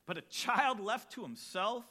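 A pastor preaching with a fiery, emphatic delivery. His voice is high and sharply bright, swinging widely in pitch as he builds to shouts on key lines. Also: expressive, measured pace. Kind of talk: sermon.

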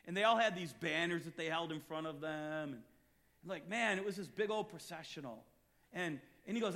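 A man preaching a sermon as pastor, reading scripture and telling stories, rising to shouts at times. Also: fairly high pitch, a little fast.

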